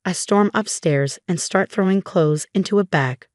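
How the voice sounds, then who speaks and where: A woman narrating a first-person story in a steady, scripted reading. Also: on the low side, normal speed, no echo, studio quality.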